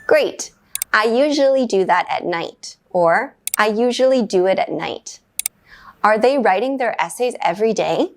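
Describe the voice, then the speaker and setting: A woman teaching an English grammar lesson, explaining in a clear, measured way and giving short upbeat praise after each exercise. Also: mid-range voice, lively intonation.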